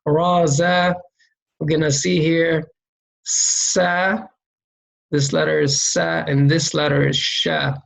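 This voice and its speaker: A man gives a step-by-step reading lesson at an unhurried pace. His voice has a gravelly, creaky texture. He repeats each sound so it sticks and keeps checking in with the learner. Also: fairly high pitch, little pitch movement, rough recording. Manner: patient, explains slowly and checks in with "okay?"; demonstrates sounds by repeating them. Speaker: Quran reading teacher. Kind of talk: step-by-step lesson explaining letter shapes and sounds.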